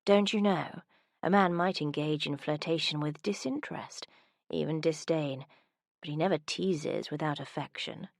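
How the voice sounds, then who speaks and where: A woman voicing a low, murmuring rogue. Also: normal speed, no room sound, clean studio sound. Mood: seductive.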